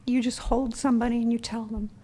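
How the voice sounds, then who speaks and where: A woman's voice: on the high side, level tone, fast talker, dark tone. A woman, the speaker's mother, giving an earnest, proud introduction to an audience.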